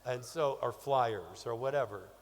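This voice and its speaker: A man giving a motivational business talk to an audience, energetic and conversational, often asking "okay?". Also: medium pitch, unhurried. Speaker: business trainer speaking on stage. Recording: long reverb of a large hall, faint hum.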